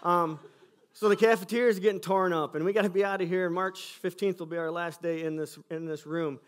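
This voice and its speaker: A man's voice: sits high, fairly even intonation, a little fast. Earnest pastor telling his church's story. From Michigan. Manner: earnest storytelling, reenacting conversations. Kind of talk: sermon testimony. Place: school cafeteria used for church services.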